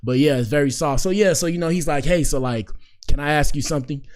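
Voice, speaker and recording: A soft-spoken man in his twenties, a podcast host telling a story in a slangy, rambling way and repeating phrases for effect. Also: fairly high pitch, quick pace. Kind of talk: casual storytelling.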